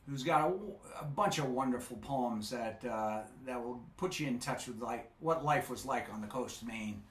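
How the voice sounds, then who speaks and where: A man reciting a storytelling poem on a festival stage with a rhythmic, animated delivery. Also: medium pitch. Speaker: poetry reciter. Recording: echoey live stage.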